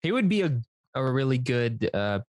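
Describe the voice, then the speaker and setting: A man co-hosting a casual podcast chat in an ordinary mid-range voice. He speaks hesitantly, restarting and filling pauses with small words. The recording is dry and close-miked. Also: mid-range voice, very animated, a little mellow, dry recording. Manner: hesitant, halting, full of filler words. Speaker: podcast co-host.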